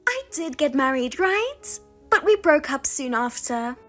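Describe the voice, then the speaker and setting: A woman's voice: sits high, very animated, measured pace, faint music behind. A woman voicing a smug, spiteful younger sister in a story reading, taunting and gloating. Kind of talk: audio drama reading.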